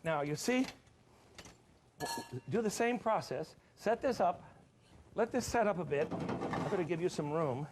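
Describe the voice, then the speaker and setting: A man hosts a cooking show from a studio kitchen, talking the audience through a dish. His voice sits a little high and swings widely in pitch, chatty and enthusiastic, with jokey asides. Faint background noise is present. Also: lively intonation, measured pace, long pauses. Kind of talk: cooking demonstration.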